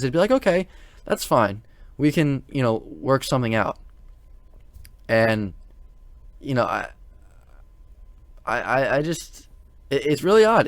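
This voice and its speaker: A man's voice: mid-range voice, no echo. Rambling man with a dry, close sound. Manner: rambling, many fillers and restarts, exasperated. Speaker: sports commentary channel host. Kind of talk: casual opinion monologue.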